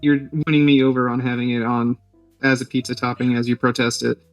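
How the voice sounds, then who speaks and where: A man's voice: medium pitch, flat delivery, fairly quick, soft background music, low-quality recording. A man co-hosting a podcast, chatting casually with dry, joking asides. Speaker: podcast co-host. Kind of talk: casual chat.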